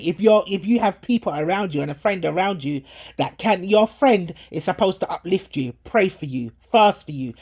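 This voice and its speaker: Speaking in a mid-range, slightly mellow voice, the preacher delivers an earnest, preachy warning about a dream, quoting scripture. Filmed on a handheld phone at home in England, this prophetic ministry preacher comments on the dream and a video being played.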